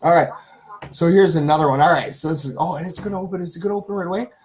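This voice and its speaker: A man's voice: on the high side, racing, a little mellow. A man hosting a live stream, casually reading good-news stories aloud and greeting viewers in the chat, with many ums and uhs.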